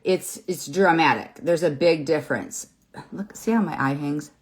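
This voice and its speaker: Low-voiced chatty woman in her fifties. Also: normal speed. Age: 50s. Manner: chatty, encouraging, rambling with fillers. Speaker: makeup seller and host. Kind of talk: live makeup tutorial, casual chat. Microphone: phone or webcam in front of her.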